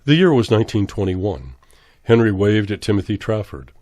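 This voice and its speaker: Low-voiced man reading horror fiction. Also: big pitch swings, mellow, no echo, clean studio sound. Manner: measured, dramatic reading. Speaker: storyteller. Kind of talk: scripted horror narration.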